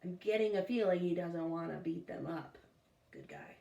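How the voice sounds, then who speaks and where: A woman's voice: lowish voice, sing-song, moderate pace, creaky, warm tone. A woman reading a children's novel aloud for a school, breaking off for chatty, self-deprecating asides. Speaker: storytime reader for a school. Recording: echoey room, far from the mic.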